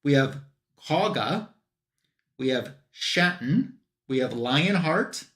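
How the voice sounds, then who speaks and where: A man's voice: a little high, lively intonation, fairly bright tone, echoey room. Man recapping a comic plot casually. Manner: retells scenes with quick quoted voices for characters. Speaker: comic book show panelist.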